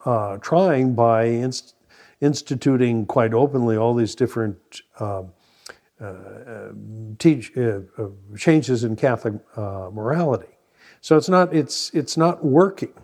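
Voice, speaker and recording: A priest co-hosts a radio discussion. He fills his sentences with ums and uhs as he works toward each point. His voice is a middle-pitched man's voice. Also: unhurried, darkish tone. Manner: hesitant, filler-heavy. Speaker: priest co-host.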